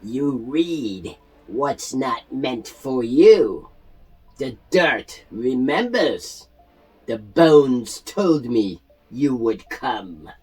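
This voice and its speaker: A man doing a slow, ominous goblin shaman. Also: mid-range voice, sing-song, breathy edge, soft background music, exaggerated voice. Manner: slow, ominous, louder declarations. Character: bone-draped zealous goblin shaman, male.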